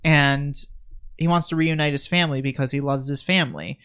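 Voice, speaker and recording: A man's voice: on the high side, fairly even intonation, fairly quick, fairly bright tone, smooth. A man co-hosting a podcast, recapping a horror film in casual, joking chat full of fillers. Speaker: podcast co-host.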